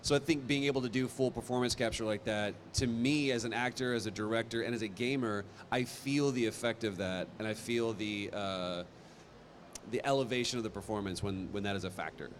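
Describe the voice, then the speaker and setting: A man speaking as a guest on a convention panel, telling stories in a lively, animated way with quick asides. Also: lowish voice, slight background noise. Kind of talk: casual panel talk. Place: convention hall stage.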